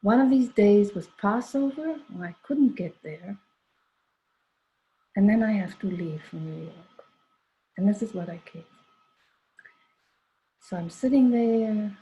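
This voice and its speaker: An older woman tells a personal story in a rambling, chatty way, packed with asides and quoted dialogue. Her mid-range voice is warm, her pace measured, and she pauses often. The recording sounds dull and lo-fi.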